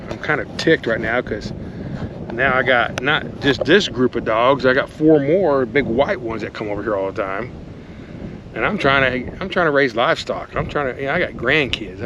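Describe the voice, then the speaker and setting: An older man, a rancher from Texas, vents in a blunt, irritated ramble full of "you know" and "I mean" while sitting in his pickup. The sound is dull and lo-fi, with clear wind and engine-like noise running underneath his voice. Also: mid-range voice, a bit bright. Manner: blunt, annoyed, rambling with many fillers. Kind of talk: ranting vlog to camera. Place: inside a pickup truck in the countryside.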